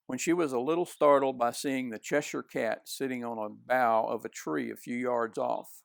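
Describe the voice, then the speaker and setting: Male storybook reader, gravelly voice, dry close sound. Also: mid-range voice, normal speed, no echo. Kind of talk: reading a children's novel aloud.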